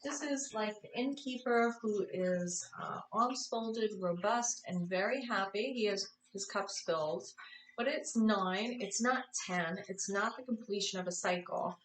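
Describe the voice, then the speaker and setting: A woman's voice: mid-range voice, unhurried. Tired woman, tarot reading, casual chat, echoey room, distant mic. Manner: chatty, apologetic, self-correcting. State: tired, yawning. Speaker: tarot reader.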